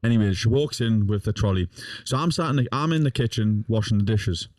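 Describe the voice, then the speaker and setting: A man's voice: fairly low pitch, fairly quick, darkish tone, no room sound, studio quality. Young man telling a sweary story. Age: young adult. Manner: swears a lot, laughs while telling. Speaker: podcast guest. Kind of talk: casual storytelling.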